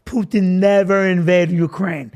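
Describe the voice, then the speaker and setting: A man putting on a huge, blunt Russian male soccer coach with a Russian accent, speaking in slow, broken, flat English. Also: high-pitched, dull audio, voice pushed down. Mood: insistent.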